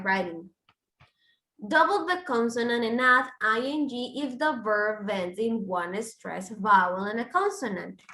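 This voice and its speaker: Bright-voiced woman teaching English grammar. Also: a little high, echoey room, low-quality recording. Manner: explains step by step with examples. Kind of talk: online grammar lesson.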